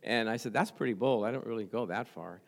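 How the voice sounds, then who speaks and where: A man's voice: fairly low pitch, fast talker, a little hiss or hum. A middle-aged man preaching a sermon as pastor, conversational and chuckling often, with frequent "praise the Lord".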